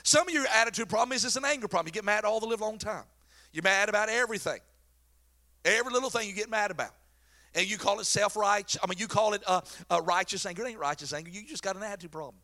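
Animated, bright-voiced preacher man. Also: high-pitched, fast talker. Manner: folksy, joking, animated storyteller. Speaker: pastor. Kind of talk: sermon.

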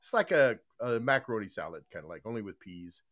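Older man, podcast host: loose, chummy, rambling, with a lively swinging pitch. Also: quick pace. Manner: rambling, loose, many fillers and restarts; chummy, folksy greetings to listeners. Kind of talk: casual live podcast chat.

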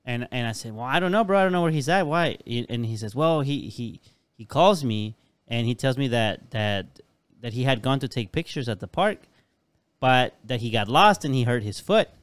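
A man's voice: medium pitch, lively intonation, moderate pace, clear, resonant tone, dry recording. A man, a podcast co-host, in casual chat, telling his side with stammers, repeats and laughter.

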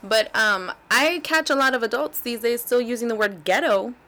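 A woman co-hosting a casual chat, telling animated stories and laughing often. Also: fairly high pitch, normal speed.

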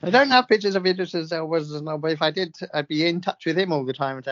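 A man bantering on a casual podcast, teasing his friend with cheeky jokes. His voice sits a little high. The recording is dry and close, slightly muffled. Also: quick pace, fairly bright tone, dry recording. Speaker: podcast co-host. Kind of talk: casual chat.

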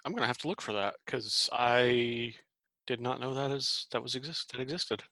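A man's voice: medium pitch, normal speed, sharp tone, dry recording. A man co-hosting a podcast in casual chat, mostly giving short, agreeable replies. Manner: brief, agreeable back-channel replies. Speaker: podcast co-host.

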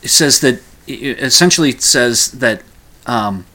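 Bright-voiced man musing on the news. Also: mid-range voice, expressive, a little slow. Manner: rambling, with frequent restarts and asides. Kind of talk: casual news commentary.

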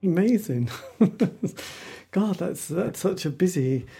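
A man's voice: high-pitched, lively intonation, slow pace, creaky, dark tone, slightly rough. A man interviewing a guest, reacting with enthusiasm and asking hesitant, meandering questions. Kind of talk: casual interview chat.

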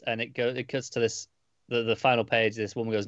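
A man's voice: medium pitch, fairly even intonation, fast talker, fairly bright tone, no room sound, lo-fi sound. A man co-hosting a casual podcast, reviewing a comic book in a rambling, hesitant way with many restarts.

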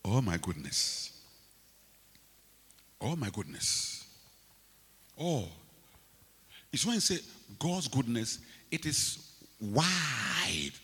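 Ghanaian male preacher, piercing bright tone, repeating refrains up to shouts, long hall reverb with music behind. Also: sing-song, very slow, pauses often. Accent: Ghanaian English. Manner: swings from low murmurs to shouted climaxes, repeats phrases. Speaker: bishop preaching. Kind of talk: sermon. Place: large church hall.

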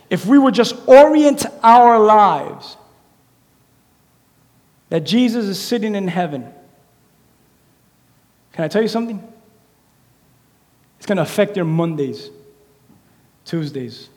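A man preaching a sermon in a church, animated and conversational, acting out little quotes as he goes. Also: high voice. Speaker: pastor. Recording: echoey hall reverb.

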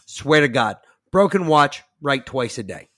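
A man hosting a podcast, reading an article aloud and ranting in a boastful, profane way that swings from muttering to loud outbursts. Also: medium pitch, very animated, a little slow, no room sound, studio quality. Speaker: podcast host.

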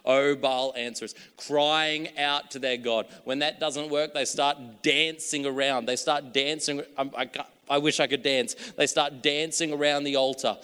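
A man's voice: a little high, steady tone, normal speed, sharp tone, smooth, in a large hall. A man preaching a sermon in a casual, joking, chatty way.

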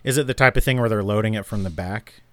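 Man from new mexico, low voice, rambling casual chat, dry close sound. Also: fast, a bit bright, no echo. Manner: rambling, filler-heavy storytelling. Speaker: podcast co-host.

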